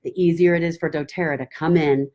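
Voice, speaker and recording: A woman with a notably low voice talks through business advice in a casual coaching style. She stays enthusiastic and lively, often slipping into excited quoted voices with little gasps. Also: a little fast. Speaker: business mentor.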